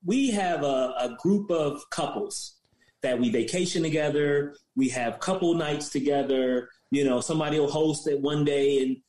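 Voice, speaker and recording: An easygoing man in his fifties chats as a podcast guest with a slightly raised pitch. He comes across as a natural jokester, and his voice carries the echo of the room. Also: moderate pace, darkish tone. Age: 50s. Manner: easygoing, self-described jokester. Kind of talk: casual interview chat. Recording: echoey room.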